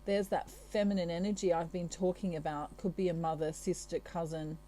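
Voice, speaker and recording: A woman's voice: lowish voice, flat delivery, brisk, warm tone, slight background noise, poor audio. A woman from Australia giving a channelled tarot reading in a chatty, reassuring way, with many asides. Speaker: tarot reader.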